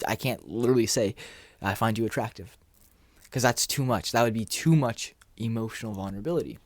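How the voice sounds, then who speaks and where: A man coaching viewers on confidence and dating in a relaxed, conversational way, sometimes acting out short exchanges. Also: fairly low pitch, no echo. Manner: relaxed, conversational, acts out little dialogues. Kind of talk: casual talking-head advice.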